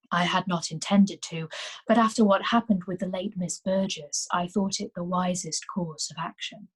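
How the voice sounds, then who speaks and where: Woman doing a polite young magician guy, formal and measured, kinda husky. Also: mid-range voice, a little mellow, rough recording. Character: courteous young male magician, guarded and formal.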